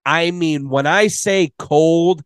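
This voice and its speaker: A man's voice: a little high, takes it slowly, clean tone, no room sound, studio quality. A man hosting a podcast, telling rambling, profane stories in casual chat. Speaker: podcast host.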